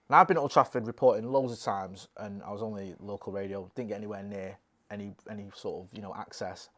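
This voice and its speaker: Fast-talking man telling stories. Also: medium pitch. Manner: animated storyteller who acts out quotes. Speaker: podcast co-host, former local radio reporter. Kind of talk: casual chat.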